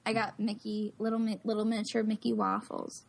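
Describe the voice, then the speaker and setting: A woman's voice: medium pitch, completely flat delivery, brisk, vocal fry. A woman telling a story in casual chat, rambling and peppering her talk with "like". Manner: rambling, heavy use of "like", chatty.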